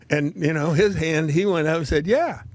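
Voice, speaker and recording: A man's voice: a little high, fairly even intonation, moderate pace, dry recording. Folksy older man spinning a yarn. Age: 70s. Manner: rambling, folksy, laughs at his own tales. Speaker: host. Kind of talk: casual storytelling on a talk show.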